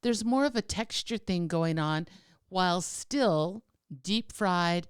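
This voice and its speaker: A woman co-hosting a podcast in casual chat, lively, explaining things step by step with many tag questions. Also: lowish voice, slow pace, clean tone, no echo, clean studio sound. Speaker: podcast co-host.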